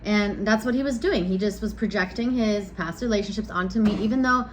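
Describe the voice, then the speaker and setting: A woman's voice: mid-range voice, brisk, a little hiss or hum. Frank, rambling woman in her thirties. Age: 30s. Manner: rambling, frank, loses her train of thought; blunt and exasperated. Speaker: vlogger. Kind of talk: casual storytime chat.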